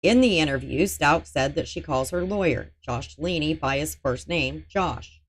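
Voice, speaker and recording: A woman's voice: deep voice, a little slow. A woman host narrating a murder trial recap, reading out testimony and adding dry, sarcastic asides. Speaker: true-crime channel host.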